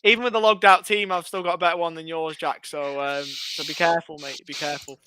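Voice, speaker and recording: A man's voice: fairly high pitch, steady tone, fast, very noisy. A man co-hosting a casual podcast panel, cheeky and jokey, plugging the show. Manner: cheeky, jokey, rambling plugs. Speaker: podcast co-host.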